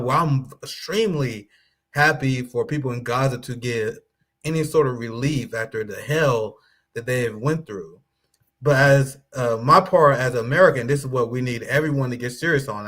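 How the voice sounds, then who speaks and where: A man speaks casually as part of a podcast panel. His delivery is conversational and a little halting, and he agrees with the other guests as he makes his points. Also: medium pitch, fairly bright tone. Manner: conversational, with frequent fillers and restarts.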